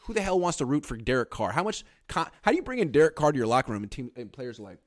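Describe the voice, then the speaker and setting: A man hosts a laid-back sports talk show, cutting and sarcastic in his takes. His voice sits at an ordinary middle pitch. The sound is dry and close, with no room around it. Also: sing-song, fast talker, few pauses, no echo. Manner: blunt, sarcastic, reads viewer comments aloud. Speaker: podcast host.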